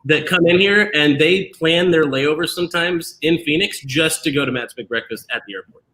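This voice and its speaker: A man's voice: fairly high pitch, normal speed, bright, forceful tone, poor audio. A man hosting a casual live-stream chat over a video call, joking and ribbing his co-hosts. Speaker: host.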